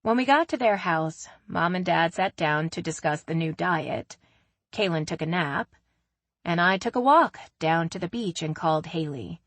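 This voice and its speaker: Low-voiced woman narrating an audiobook. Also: animated, normal speed, dry recording. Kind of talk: first-person audiobook narration.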